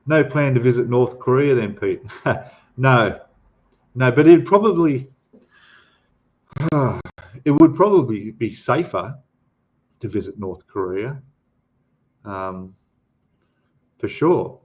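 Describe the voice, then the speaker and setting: A man's voice: mid-range voice, dull audio. A man from Queensland with an Australian accent, hosting a casual livestream chat, rambling and greeting chatters as "mate". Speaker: livestream host. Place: home in Thailand.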